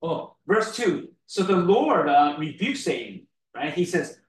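A man gives a relaxed, conversational sermon, slow and unhurried, often laughing and tossing in "right?" His voice sits a bit high and is heard from some distance in a roomy, echoing hall. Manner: chatty, laughs often, keeps asking "right?". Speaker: preacher. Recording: echoey room, mic far off.

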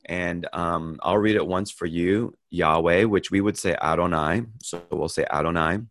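This is a low-pitched American man teaching Bible study on a screen-shared video call, with no room sound. He prays first, then talks through a verse slowly, thinking out loud with many pauses, fillers and restarts.

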